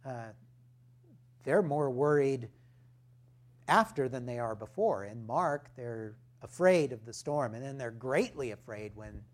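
A male pastor delivering a sermon at a slow, measured pace. He teaches with emphatic points and rhetorical questions, his voice pitched in a middle range. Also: expressive.

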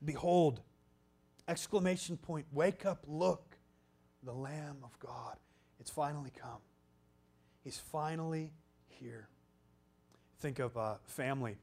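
A man preaching a sermon, emphatic, swinging from loud exclamations down to hushed, almost whispered lines. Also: on the high side, slow pace, long pauses, slightly rough.

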